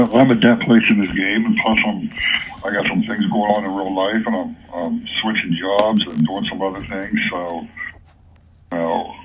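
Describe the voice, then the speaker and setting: Frank rambling gamer man, lowish voice. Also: background noise. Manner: frank, rambling, repeats himself. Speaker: longtime player on a gaming stream. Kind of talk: casual chat.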